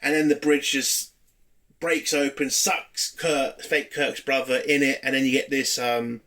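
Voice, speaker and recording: A man's voice: medium pitch, little pitch movement, measured pace, pushed and bright. Sarcastic man reviewing TV. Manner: sarcastic, swearing, rambling recap. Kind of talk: casual spoken review.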